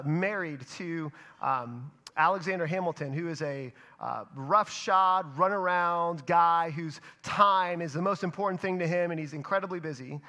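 Bright, high-voiced male preacher. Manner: expressive preaching, swings between loud emphasis and hushed delivery; speaks in short phrases with dramatic pauses. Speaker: pastor. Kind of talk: sermon.

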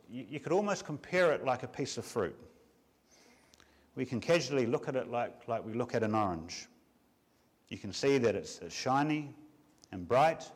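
A man, a pastor, preaching a Sunday afternoon sermon with measured emphasis and many rhetorical questions. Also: medium pitch.

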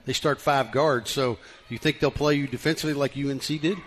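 A man's voice: mid-range voice, steady tone, a little fast, a bit bright. A man co-hosts a live radio sports interview. His voice sits in a middle range, and he puts his questions to the guest casually and conversationally. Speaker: radio co-host asking questions.

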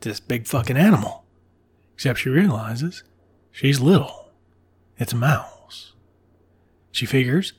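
A man with a husky, slightly breathy voice sits at a middle pitch and retells a story like he's talking to friends. He swears casually and breaks off for offhand remarks. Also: expressive, unhurried, long pauses. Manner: irreverent, swears freely, drops asides. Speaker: podcast host.

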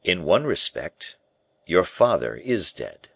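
A man's voice: deep voice, very animated, creaky, a bit bright, breathy edge, dry recording, heavily acted. Man voicing a grave, guarded bishop. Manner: slow, grave, measured replies.

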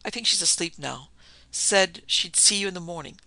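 A man plays a hard-drinking man of affairs who snaps out short commands in an audiobook. The voice is gravelly with a sharp, bright edge and sits a little high. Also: normal speed, no room sound, heavily acted. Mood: brusque. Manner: abrupt, commanding.

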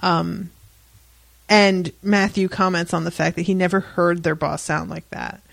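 A woman hosting a casual book discussion, retelling scenes with animated, dry asides and frequent swearing. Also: on the low side, unhurried, creaky, no echo. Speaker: podcast host.

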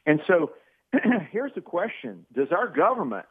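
A man's voice: high-pitched, very animated, unhurried, slightly rough, dry recording. A male caller on a call-in show, talking in a folksy, rambling way with colloquial turns of phrase. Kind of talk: casual call-in chat. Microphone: telephone. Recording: tinny dry phone line.

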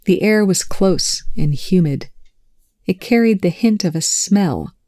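A narrator reading prose in an even, measured manner for an audiobook. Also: medium pitch, no room sound, clean studio sound. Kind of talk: scripted narration.

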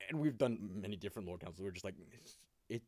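A man hosting a podcast in casual chat, telling animated stories, swearing often and laughing a lot. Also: fairly low pitch, quick pace, no room sound. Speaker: podcast host.

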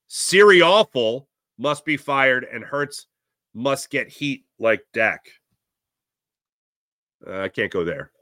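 A man hosting a sports talk stream, casually reading out viewer comments with sarcastic, animated asides. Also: on the high side, dry recording, clean studio sound. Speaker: sports talk show host.

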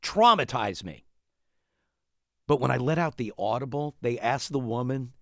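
Podcast host brief: man, rambling storyteller, lively pitch swings, dry close sound. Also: moderate pace, no room sound. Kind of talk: casual chat.

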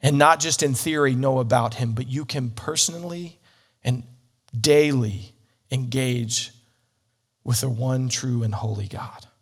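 A man's voice: medium pitch, unhurried. A man teaching the Bible as a sermon, telling a story earnestly with slips and restarts.

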